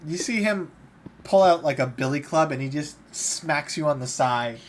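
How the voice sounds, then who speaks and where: A man runs a tabletop game as game master, laying out the action in plain narration with a fairly high voice. The recording carries clear background noise. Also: animated, normal speed. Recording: noisy home recording.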